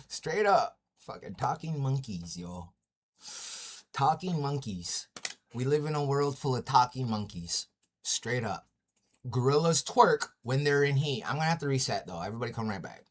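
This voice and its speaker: Brash, lively man ranting on a livestream. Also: medium pitch, measured pace. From Indigenous North America. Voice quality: brash, profane trash talk with frequent laughs. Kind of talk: casual live-stream rant. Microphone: streaming mic at home.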